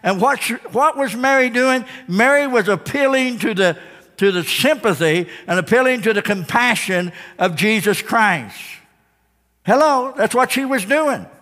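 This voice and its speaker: A man's voice: very high-pitched, lively intonation, measured pace, sharp tone. A man preaching a sermon, retelling a story dramatically and firing rhetorical questions at the congregation. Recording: long hall reverb.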